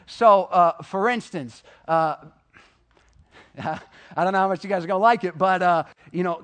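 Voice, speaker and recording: A young man giving a casual sermon to high school students, full of fillers and acted-out quoted voices. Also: a bit bright. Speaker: youth speaker.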